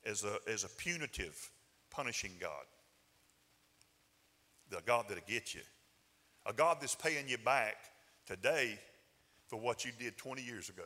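A man preaches in a loose, folksy way, pushing up into emphatic bursts. His voice is bright and forceful. A long hall reverb trails each phrase. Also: on the low side, animated, normal speed, pauses often. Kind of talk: sermon.

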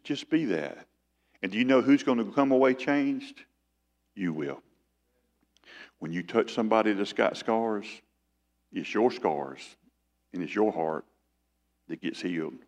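Preacher, low voice, reverberant hall. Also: male voice. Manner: fervent preaching, swelling louder then dropping low. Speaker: pastor. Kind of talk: sermon.

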